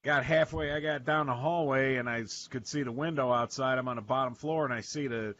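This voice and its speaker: A man's voice: medium pitch, fairly even intonation, brisk, a bit bright. A man telling a rambling, profane story in a casual radio chat. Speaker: regular panelist, veteran. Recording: dull lo-fi sound, faint noise.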